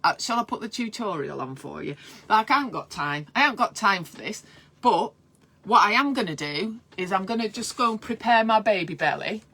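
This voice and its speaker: Midwife host, casual live chat, bright forward voice, excitable and laughing at herself. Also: female voice, medium pitch, a little fast, breathy edge. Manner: chatty, excitable, self-mocking.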